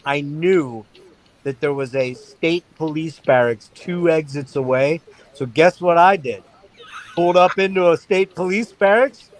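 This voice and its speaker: A middle-aged man hosting a stream, telling a wild story in a casual, animated and profane way. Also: fairly high pitch, moderate pace, rough recording. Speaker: stream host.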